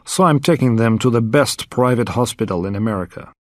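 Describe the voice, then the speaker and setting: A man's voice: medium pitch, a little fast, no echo, lightly acted. A man voicing a menacing villain who coolly threatens a captive, reading from a storybook. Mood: falsely kind.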